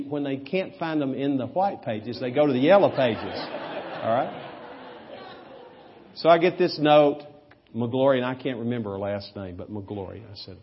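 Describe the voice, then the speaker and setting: A male pastor preaches in a husky voice, telling stories with humor and jumping into loud emphasis. The recording is muffled and lo-fi. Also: mid-range voice. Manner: lively, humorous storyteller with sudden loud emphasis. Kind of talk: sermon with storytelling.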